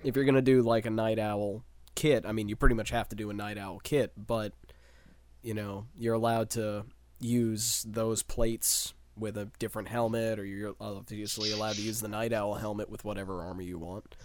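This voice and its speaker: This is a laid-back man talking in a casual panel chat. His voice sits low and he leans on fillers. The sound is dry and close to the mic. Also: flat delivery, normal speed, a little mellow, dry recording.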